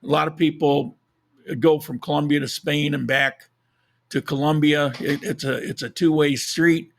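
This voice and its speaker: A man with a hoarse, froggy voice and a gravelly edge hosts a live podcast from a desk mic, a little higher-pitched than most men. He chats casually, rambling and restarting his sentences. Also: steady tone, normal speed. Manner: rambling, self-correcting, chuckles at own jokes. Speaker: podcast host. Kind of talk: casual live-stream chat.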